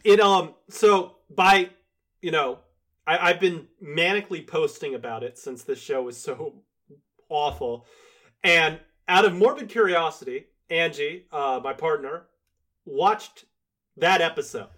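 Podcast co-host, man, slightly high voice, rambling, full of fillers. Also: measured pace, a bit bright. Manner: rambling, hesitant, laughs often. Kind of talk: casual chat.

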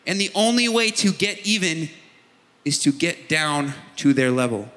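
A man's voice: fairly high pitch, animated, measured pace, bright, forceful tone. A middle-aged man preaching a sermon, telling a personal story in a conversational way. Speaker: pastor. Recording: long hall reverb.

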